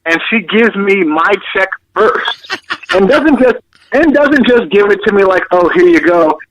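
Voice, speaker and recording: A man co-hosting a podcast, telling a story in an animated way, often repeating himself and quoting others. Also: sits high, unhurried, background noise. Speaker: podcast co-host. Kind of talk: casual storytelling.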